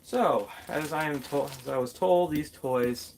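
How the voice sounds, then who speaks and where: A man's voice: a little high, measured pace, gravelly, few pauses, a little mellow, a little hiss or hum. A man doing a casual toy review vlog, playfully chatting to his figures as if they were people.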